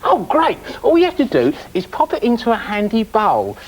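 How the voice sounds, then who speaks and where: A man's voice: high-pitched, wildly swooping pitch, moderate pace, slightly rough, poor audio. Man rambling through a daft comic bit. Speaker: children's TV presenter. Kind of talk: scripted comedy sketch.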